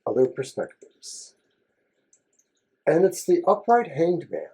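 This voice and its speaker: A man co-hosting a tarot reading show, talking through the cards in a measured, thoughtful way. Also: fairly high pitch, huge pitch swings, creaky, dark tone, slightly rough. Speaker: co-host tarot reader. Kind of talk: casual tarot reading chat.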